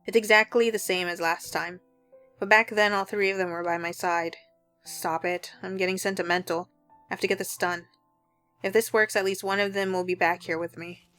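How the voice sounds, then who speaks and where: A woman's voice: on the low side, flat delivery, brisk, a bit bright, faint music behind. A woman playing through a visual novel, reading the first-person narration aloud in an earnest, heartfelt way. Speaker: let's play narrator.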